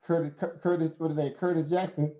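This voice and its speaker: A man's voice: fairly high pitch, level tone, quick pace, dark tone. A man with a Southern American accent hosting a casual live stream, talking in a preachy way with rhetorical questions and frequent laughs. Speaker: host. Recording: roomy, dull lo-fi stream audio.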